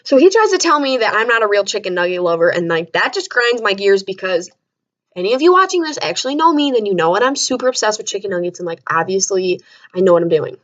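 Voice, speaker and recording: Animated young woman vlogger, lo-fi. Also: fast. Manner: animated, jumping to high shrieks of disbelief. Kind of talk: casual storytelling to camera. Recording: dull lo-fi sound.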